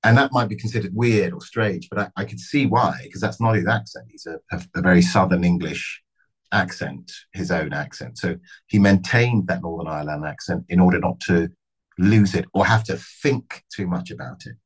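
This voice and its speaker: Middle-aged male actor, deep husky voice, thoughtful interview delivery with restarts. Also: low-quality recording. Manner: thoughtful, measured, with frequent restarts and fillers. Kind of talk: reflective interview answers.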